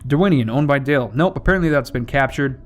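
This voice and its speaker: A man's voice: mid-range voice, fast talker, soft background music. A young man hosting a strategy game playthrough, talking casually as he rambles, swears and corrects himself. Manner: rambling and profane, with self-corrections. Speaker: gaming channel host.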